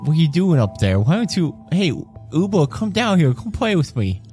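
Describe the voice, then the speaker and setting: A man doing a squeaky, goofy jungle critter. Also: normal speed, breathy edge, soft background music. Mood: playful. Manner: excited, high-pitched and goofy. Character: playful mischievous male jungle creature.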